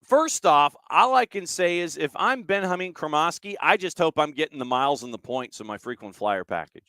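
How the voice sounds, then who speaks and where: Male podcast host, brisk rundown of dates, casual, dry close mic. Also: a little high, lively intonation, sharp tone, dry recording. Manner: brisk, rattles off dates and lists, reads listener comments. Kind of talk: casual chat and news rundown.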